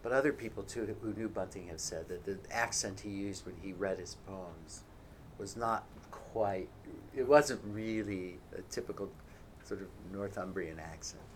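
A man with a low voice speaks on a live panel, reflective and a little hesitant. A faint noise sits under the recording. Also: normal speed, few pauses.

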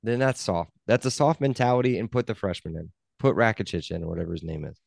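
A man's voice: on the low side, quick pace, gravelly, a little mellow, no echo, clean studio sound. A man co-hosting a sports podcast, arguing his points in casual chat and repeating himself for emphasis. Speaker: podcast co-host.

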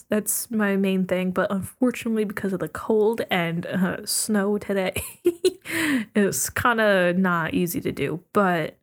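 A young woman, an architecture student, chatting casually as a podcast guest, talking freely and laughing often. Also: fairly low pitch. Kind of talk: casual chat.

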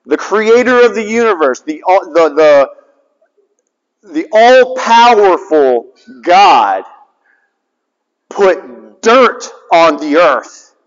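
A man preaching a sermon, putting rhetorical questions to his listeners and repeating phrases for emphasis. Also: on the high side. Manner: repetition for emphasis. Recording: dull lo-fi sound with long reverb.

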